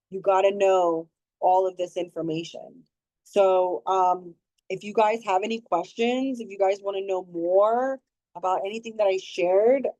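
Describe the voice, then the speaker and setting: Woman host, earnest teaching tone, close dry sound. Medium pitch. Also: darkish tone, dry recording, rough recording. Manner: earnest, instructive, urging listeners. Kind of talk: teaching talk on a community call.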